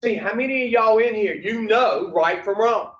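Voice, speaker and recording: A man's voice: sits high, moderate pace, fairly bright tone. Man, recovery counselor; blunt, profane group lecture full of rhetorical questions; distant, muffled, roomy recording. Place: echoey group room. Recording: distant, echoey, dull room recording.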